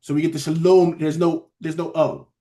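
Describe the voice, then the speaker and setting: Conversational and relaxed, a man teaches the Bible online in a voice a bit high for a man. He often starts sentences over, and he checks that listeners are following by pausing for "all right?" and "beloved."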